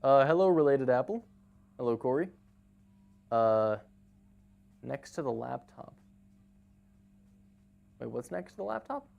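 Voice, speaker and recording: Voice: mid-range voice, lively intonation, a little slow, creaky, long pauses, darkish tone, dull audio. A live game streamer in casual chat, greeting viewers by name and laughing easily.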